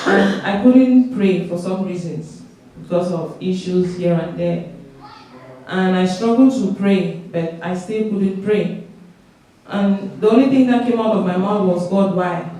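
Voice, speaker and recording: A woman's voice: medium pitch, measured pace, pauses often, mellow. A young woman giving a church testimony, telling her story earnestly and acting out her conversations with God. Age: young adult. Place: large church hall. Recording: echoey church hall from far off.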